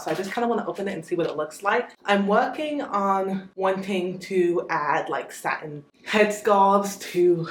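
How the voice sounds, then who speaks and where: A woman's voice: mid-range voice, a bit bright, slight background noise. Chatty young woman vlogging. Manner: chatty, addresses viewers as y'all. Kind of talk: casual vlog chat. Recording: roomy echo.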